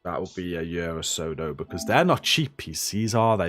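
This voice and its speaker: A man's voice: deep voice, expressive, normal speed, a bit bright, a little hiss or hum. A young Welsh man hosting a live game stream, sleepy and swearing casually while reading out chat. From Wales. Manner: swears freely, reads chat names aloud. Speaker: streamer host.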